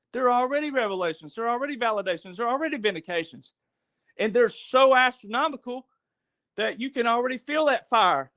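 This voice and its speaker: A man's voice: high-pitched, a bit bright, no room sound, clean studio sound. A man, a podcast guest telling a story and preaching in a folksy way, asking the listener questions. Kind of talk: casual storytelling monologue.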